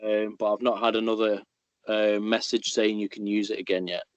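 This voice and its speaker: A man's voice: on the low side, little pitch movement, moderate pace, no room sound, highs cut off. Blunt man, dry close voice. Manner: blunt, opinionated, swears freely. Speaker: podcast co-host. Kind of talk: casual chat.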